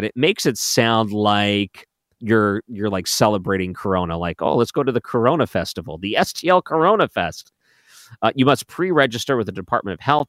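Male talk radio host, lowish voice, loose and chatty, close dry mic. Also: fairly bright tone, dry recording. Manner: chatty, joking asides. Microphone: studio microphone.

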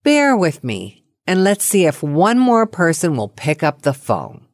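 A woman's voice: lowish voice, huge pitch swings, measured pace, dry recording, studio quality. Playful chatty woman podcast host. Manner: chatty, playful, self-conscious, laughs often. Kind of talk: casual cold-call podcast chat.

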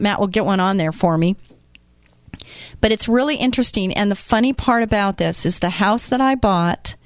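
In a dry, studio-quality recording, a medium-pitched woman in her late fifties hosts a faith-based talk show. Her delivery is earnest and encouraging, and she acts out how doubters sound.

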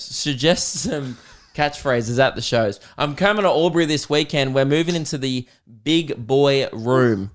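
A young Australian man hosting a comedy podcast, rambling casually, swearing freely and cracking himself up. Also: mid-range voice. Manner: swears freely, self-amused, breaks into laughter.

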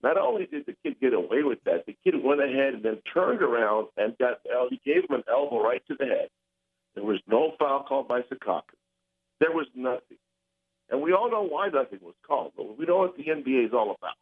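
A man's voice: medium pitch, animated, fairly quick, breathy edge. Older male caller on a tinny phone line. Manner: passionate, insistent, argumentative.

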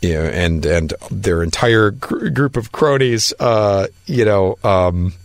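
A man with a very low voice tells an interview story, acting out the other people in it and tripping over his restarts. The sound is dry and close, with no room around it. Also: lively intonation, slow pace, no echo. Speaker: actor guest.

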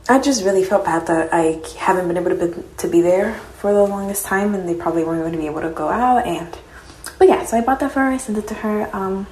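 A woman's voice: on the low side, fast, darkish tone, soft background music. A young woman, a college student, recording a candid, conversational personal audio diary that turns openly emotional. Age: young adult. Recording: roomy echo.

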